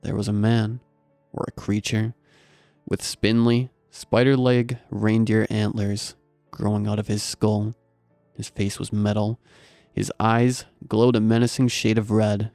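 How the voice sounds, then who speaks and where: Male horror-story narrator: wry scripted delivery, low pitch, dry close sound. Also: flat delivery, unhurried, a little mellow, no echo, soft background music.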